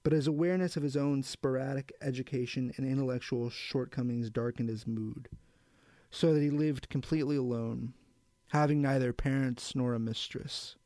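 A man reading a novel aloud in a measured, even storytelling manner. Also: mid-range voice, no echo. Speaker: audiobook narrator. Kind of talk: scripted narration of a novel.

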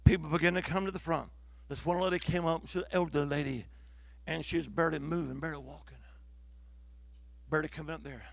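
A man's voice: on the high side, steady tone, fast talker, gravelly, pauses often, no echo. A man preaching a revival sermon, exhorting the congregation with fervent calls of hallelujah.

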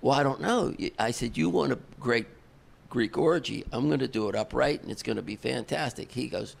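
A man, a concert promoter guest on a podcast, telling an animated story and acting out the dialogue. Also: medium pitch, brisk, gravelly. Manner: animated, chuckles through the story, acts out dialogue.

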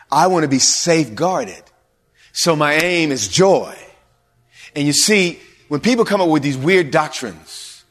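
A male pastor preaching a sermon in a church hall, animated, with sudden drops to a near-whisper. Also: a little high. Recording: long hall reverb.

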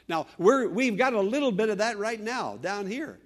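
Pastor guy from western pennsylvania preaching, fairly high voice, goes loud then real hushed. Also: sing-song, normal speed, few pauses. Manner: earnest storytelling preacher, swings between loud exhortation and hushed tones. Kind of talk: radio sermon.

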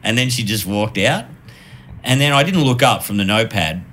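A man's voice: on the low side, normal speed, a little hiss or hum. A man telling casual stories on a podcast, laughing often and acting out the people he quotes. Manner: animated, laughs often, acts out quoted voices. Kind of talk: casual storytelling chat.

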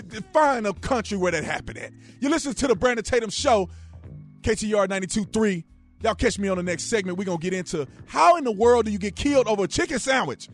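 A man hosting a radio talk show, giving casual joking opinion commentary, jumping between loud outbursts and low, quiet asides. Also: expressive, fast, soft background music.

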